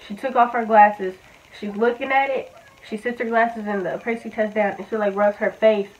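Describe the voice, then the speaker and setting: Mid-range in pitch and steady in tone, a female vlogger in her 20s talks at a normal pace through a personal story. She's blunt and candid, swearing often and using plenty of fillers. The sound is tinny, as if from a phone.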